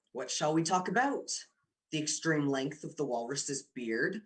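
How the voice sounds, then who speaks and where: A man's voice: fairly high pitch, fairly bright tone. A young man playing a coaxing student boyfriend. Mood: teasing. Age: young adult. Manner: coaxing, teasing, insistent. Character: young male university student, persuasive boyfriend. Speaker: boyfriend Dick. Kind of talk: amateur radio drama acting.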